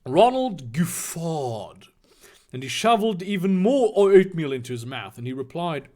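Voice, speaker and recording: A man's voice: fairly high pitch, very animated, brisk, warm tone. A man giving a comedic reading, full of profane, rambling asides. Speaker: comedic reader.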